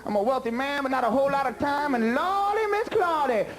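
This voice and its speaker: A man's voice: extremely high pitch, expressive, a little fast. A man doing a leering rich old geezer. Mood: lecherous. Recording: loud crowd, noisy club.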